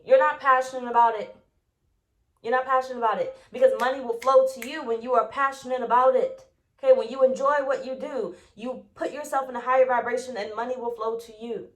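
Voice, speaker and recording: A woman's voice: high voice, quick pace. A woman giving a tarot reading, blunt and profane, who drives her points home by repeating them. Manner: acts out quoted voices. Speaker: tarot reader.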